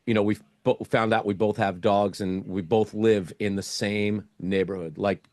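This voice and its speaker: A man's voice: on the low side, fairly even intonation, moderate pace, a little mellow, no echo, clean studio sound. A middle-aged man, a guest in an interview, telling a casual story and acting out his own thoughts as he goes.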